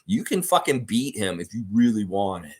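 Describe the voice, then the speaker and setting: A man hosting a live fan stream in a casual, ranting way. His pitch swings widely as he gets worked up, and he swears freely. He repeats his points and reads viewers' comments aloud. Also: moderate pace. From Canada. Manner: animated, swears a lot, repeats himself, reads chat aloud. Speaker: fan show host.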